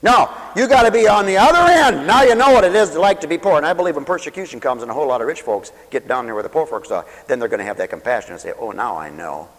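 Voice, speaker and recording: A man's voice: a little high, lively intonation, rapid-fire, hardly any pauses, in a large hall, rough recording. A man preaching a sermon in a folksy, sarcastic way, mocking others by imitating their voices.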